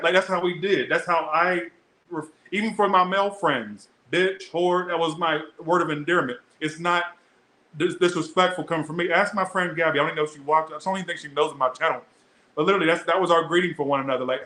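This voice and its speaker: A man's voice: a little high, fairly even intonation, fast talker, pushed and bright, echoey room, poor audio. A young man doing a casual tarot reading, chatty and blunt, swearing freely as he talks to his viewers. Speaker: tarot reader.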